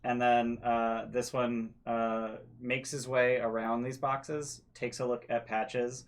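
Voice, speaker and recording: A man's voice: medium pitch, flat delivery, slow pace. Hesitant man running a tabletop game. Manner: hesitant, many fillers while describing the scene. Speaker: game master.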